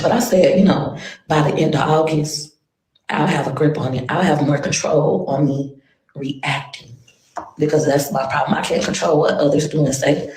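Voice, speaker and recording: A woman's voice: low voice, darkish tone. A woman rambling on a livestream, venting her frustration with sighs. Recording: echoey room.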